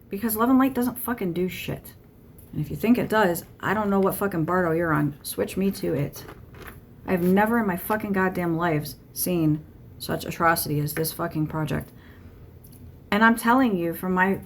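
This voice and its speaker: A woman's voice: on the low side, moderate pace, slight background noise. Blunt, irritated woman swearing freely. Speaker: tarot channeler. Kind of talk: channeled monologue to camera.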